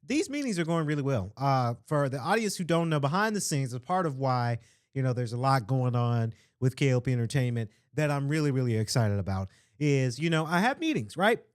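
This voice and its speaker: A man hosting his own podcast, talking loosely and with hype-man energy, his throat a little strained from shouting. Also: medium pitch, very animated, a little fast, clean tone. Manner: rambling, loose and conversational. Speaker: podcast host. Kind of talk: casual solo podcast talk.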